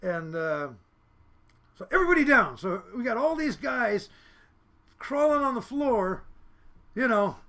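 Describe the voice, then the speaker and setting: A man from Seattle, a fishing boat captain, telling casual podcast stories in a lively way, full of fillers and laughs. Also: extremely high pitch, takes it slowly, pauses often. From Seattle, United States. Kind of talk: casual storytelling.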